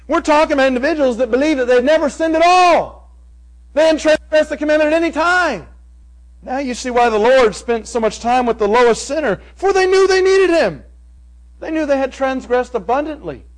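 A man with a notably high voice delivers a sermon verse by verse. He presses key words with force and then sinks into quiet, hushed asides. Rhetorical questions come often, and he draws out the lines he quotes. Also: poor audio. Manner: emphatic, swings from loud stresses to hushed asides. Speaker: preacher. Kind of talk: expository sermon.

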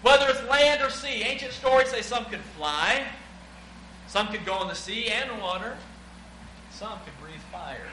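A man preaching a sermon, reading scripture aloud, swinging between loud emphatic passages and quieter asides. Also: very high voice, moderate pace. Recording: echoey room with clear background noise.

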